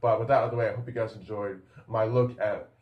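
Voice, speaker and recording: A man's voice: fairly low pitch, fairly even intonation, fast talker, echoey room, phone-quality sound. A man giving a casual, rambling video review, enthusiastic and full of fillers and restarts. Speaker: YouTube reviewer.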